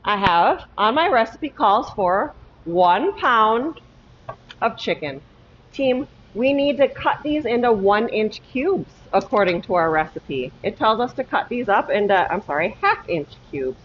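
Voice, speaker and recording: A woman's voice: mid-range voice, very animated, unhurried, highs cut off, slight background noise. A woman teaching a cooking lesson in her kitchen, talking step by step and often checking in with "okay?". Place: home kitchen.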